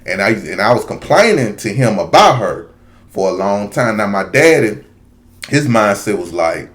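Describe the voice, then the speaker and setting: Lower-voiced man telling a story. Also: big pitch swings, moderate pace, a bit bright. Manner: rambling, talks straight to viewers with asides. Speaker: video commentator. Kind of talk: casual storytelling monologue.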